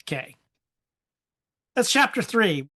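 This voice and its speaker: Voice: mid-range voice, big pitch swings, slow, bright, forceful tone. Person recapping a film plot casually. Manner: plain, conversational recap with light laughter. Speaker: podcast co-host.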